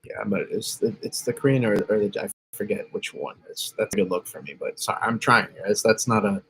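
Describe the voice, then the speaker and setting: A man with a lowish, slightly bright voice talks a little fast over faint background noise. He's a weather channel host on a casual livestream, rambling through model maps, often correcting himself and reacting to chat.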